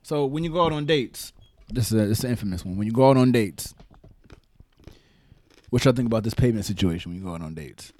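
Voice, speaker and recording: A man hosting a casual podcast conversation, animated and quick to repeat his words as he talks. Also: lowish voice, no echo. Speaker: podcast host.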